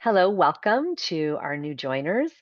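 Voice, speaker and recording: A woman, a kindergarten teacher, presenting an online workshop for parents and clearly modeling sounds. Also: deep voice, sing-song, unhurried, no room sound, dull audio. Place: video call.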